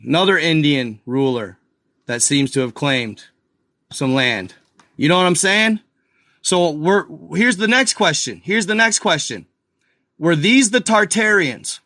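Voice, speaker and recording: A channel host with a drawl gives casual live commentary over a map, rambling excitedly and calling his viewers guys and y'all. His bright, pushed voice sits a little higher than most men's and is recorded close and dry with no room sound. He takes his time.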